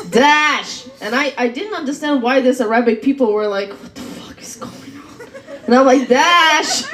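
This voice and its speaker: Teasing woman hosting stand-up, echoey room. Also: fairly high pitch. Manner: teasing, chatty, laughs between jokes. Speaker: comedy host. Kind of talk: stand-up and crowd work. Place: comedy venue, roomy.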